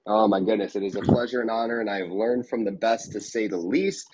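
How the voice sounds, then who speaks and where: Male moderator, slightly husky and a bit low. Polite, upbeat, formal, over a remote call. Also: fairly quick, darkish tone. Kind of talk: moderating a live audio room.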